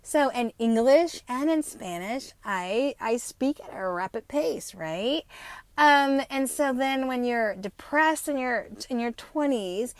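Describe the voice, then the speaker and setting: A woman, hosting a casual solo podcast, talking rapidly and animatedly, swearing freely and tagging her sentences with "right?". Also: on the high side, clear, resonant tone, dry recording. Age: 50s. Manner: rapid, animated, frequent profanity and "right?" tags. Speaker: podcast host.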